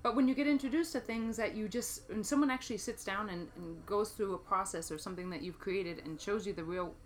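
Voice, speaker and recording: A woman's voice: mid-range voice, a little fast. A woman chatting casually, talking reflectively and at length. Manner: reflective, talkative, laughs often. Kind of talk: casual chat.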